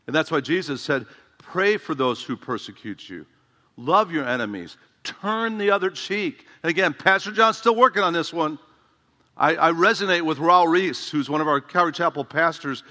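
Man, pastor; bright, slightly high voice; conversational, humorous sermon with long hall reverb. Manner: conversational preaching with humor and emphatic repetition.

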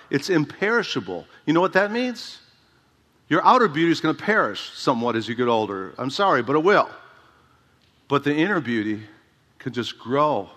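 A man's voice: mid-range voice, fairly bright tone. A man preaching a sermon as a pastor, emphatic and conversational, often asking the congregation rhetorical questions. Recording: reverberant hall.

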